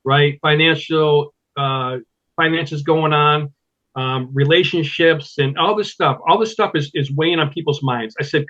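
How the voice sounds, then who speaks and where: A man who does stand-up telling stories in a loose, animated way as a guest on a talk show. His voice sits a little high for a man. The recording is somewhat dull and muffled. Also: unhurried. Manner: animated storyteller, slips into impressions. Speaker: stand-up comedian, podcast guest. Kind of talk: casual interview chat.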